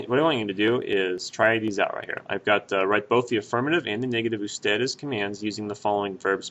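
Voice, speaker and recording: A Spanish teacher at a whiteboard patiently walks learners through grammar step by step, talking casually with many "uh"s, "um"s, and restarts. His voice is lowish, with a bright, forceful edge.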